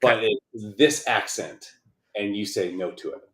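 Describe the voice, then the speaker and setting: A man's voice: on the low side, measured pace, fairly bright tone. Casual profane guy cohosting a podcast, jokey and rambly, roomy echo around him. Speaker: podcast co-host. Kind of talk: casual chat.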